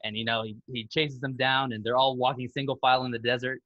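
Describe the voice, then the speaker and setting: A man's voice: mid-range voice, level tone, fast talker, no echo, lo-fi sound. A man co-hosting a casual film podcast, eagerly retelling movie scenes and acting out their lines. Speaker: podcast co-host.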